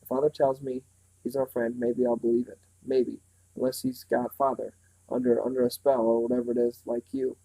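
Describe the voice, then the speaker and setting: A man reading aloud, voicing a small boy under another's control who speaks in a calm, reasonable, slightly raised voice. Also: medium pitch, fairly quick, natural voice, poor audio. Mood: eerily calm.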